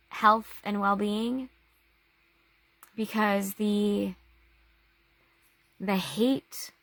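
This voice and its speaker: Woman, casual vlog, unhurried, halting with restarts, dry close sound. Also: medium pitch, creaky, no room sound. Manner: halting, with long pauses and restarts. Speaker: vlogger.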